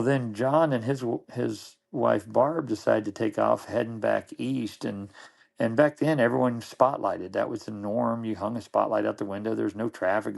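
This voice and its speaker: Gravelly low-voiced middle-aged man. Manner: rambling, with frequent restarts and repeated words. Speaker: podcast guest. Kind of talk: casual anecdotal storytelling.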